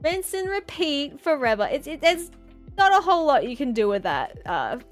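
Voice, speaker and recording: Young woman artist-streamer, high-pitched and giggly, playful melodramatic chatter. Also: big pitch swings, normal speed, faint music behind. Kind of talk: casual stream chat while drawing.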